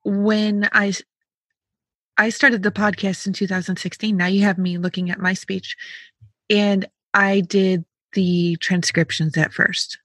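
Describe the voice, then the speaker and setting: A woman's voice: mid-range voice, little pitch movement, unhurried, fairly bright tone, no room sound. A woman hosting a podcast and chatting in a friendly, self-aware way, laughing easily. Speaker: podcast host. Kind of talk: casual conversation.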